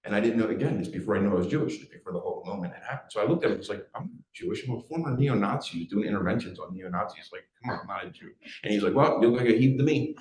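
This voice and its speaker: A man's voice: lowish voice, expressive, a little mellow, slight background noise. Emotional Philly man telling his story. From USA, South Philadelphia. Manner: storytelling, emotional, fast restarts and fillers. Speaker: guest speaker. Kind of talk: live personal testimony talk. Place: event hall before a live audience. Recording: echoey live talk hall.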